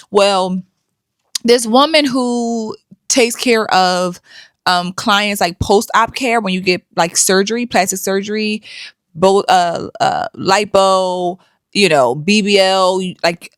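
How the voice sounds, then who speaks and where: A woman's voice: fairly low pitch, dry recording, clean studio sound. A woman hosting a commentary vlog, talking in a conversational, opinionated way with frequent fillers. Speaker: host.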